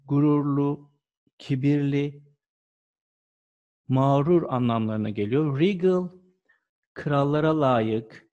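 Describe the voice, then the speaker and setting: A man's voice: medium pitch, a little mellow, lo-fi sound. A male English teacher, patiently explaining a fable word by word. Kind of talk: classroom lesson.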